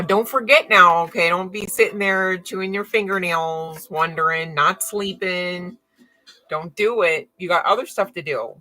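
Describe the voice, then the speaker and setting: A woman giving live tarot readings to viewers, excitable and thinking aloud as she turns cards. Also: lowish voice, rough recording. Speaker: tarot reader.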